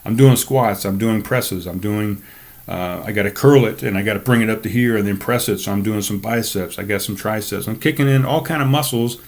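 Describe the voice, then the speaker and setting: Man, podcast host, low-pitched, fired-up profane rant, desk mic, solo talk. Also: brisk. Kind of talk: casual solo podcast monologue. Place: seated at a desk. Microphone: desk microphone.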